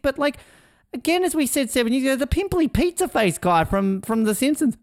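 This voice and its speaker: A man co-hosting a podcast in casual chat, animated and swearing, laughing and mimicking people as he talks. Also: very high-pitched, a little fast, no echo, clean studio sound. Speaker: podcast co-host.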